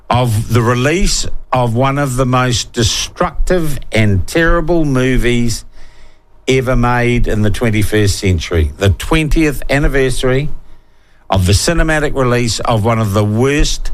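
A man with a New Zealand accent hosting talkback radio, reading listener texts and giving blunt, opinionated, sarcastic takes. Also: medium pitch. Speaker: radio talk show host.

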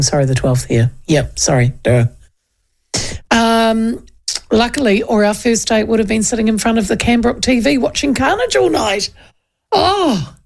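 This is a woman, hosting radio in a casual, rambling way. Her pitch moves all over the place, and a bit of gravel runs through her voice. She keeps cutting herself off mid-thought to start again. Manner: chatty, self-interrupting, animated storytelling. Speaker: radio host.

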